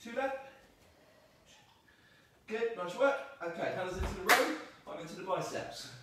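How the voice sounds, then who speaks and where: High-voiced man coaching a workout, echoey. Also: lively intonation, normal speed, noisy background. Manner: upbeat, coaching, counts reps aloud. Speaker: fitness trainer. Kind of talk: live workout instruction. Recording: echoey room, mic far off.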